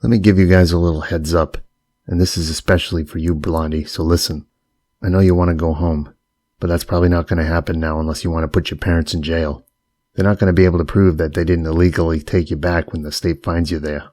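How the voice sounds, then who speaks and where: A man's voice: deep voice, little pitch movement, fast, a little mellow, no room sound. A man voicing a coolly menacing getaway driver. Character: middle-aged male getaway driver, coaxing and menacing. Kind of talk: audiobook character voice.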